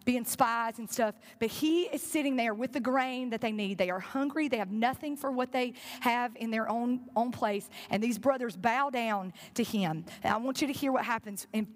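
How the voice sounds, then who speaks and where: A woman's voice: fairly high pitch, moderate pace, few pauses. A woman preaching a sermon, retelling a story with earnest directness and asking her congregation questions. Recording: long reverb in a large hall.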